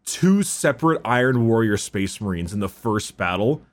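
A young man co-hosting a casual chat about books, relaxed, swearing now and then and often laughing. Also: on the low side, moderate pace.

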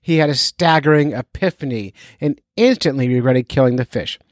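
A man's voice: medium pitch, normal speed, dry recording, clean studio sound. Goofy, chatty male podcast host. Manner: goofy, self-mocking, chatty. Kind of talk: casual podcast intro.

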